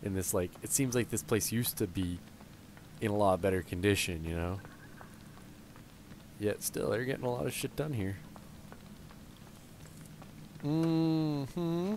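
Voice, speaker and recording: A man with a slightly low voice talks through a video game in casual commentary, thinking aloud and cheering on the characters he leads. He speaks into a gaming headset, with a clear, steady hiss of game sound and noise under his words. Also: moderate pace, long pauses. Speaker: let's play gamer.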